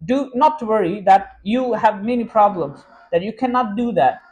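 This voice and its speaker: A Pakistani-accented man whose speaking voice sits high for a man teaches English in an informal lesson. His first language is Sindhi, and he keeps reassuring his students, repeating himself and restarting sentences as he goes. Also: lively intonation, normal speed, a little mellow. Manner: reassuring, repetitive, frequent restarts.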